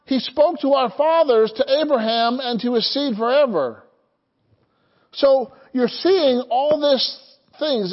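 A man's voice: extremely high pitch, lo-fi sound. A man preaching a sermon as pastor, calling out to the congregation and prompting them to answer back. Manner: call-and-response preaching, asks the congregation to answer.

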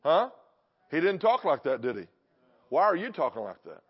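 A man's voice: a little high, big pitch swings, brisk, husky. A man preaching a sermon to a church congregation, emphatic, repeating phrases and putting questions to the crowd. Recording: dull lo-fi recording.

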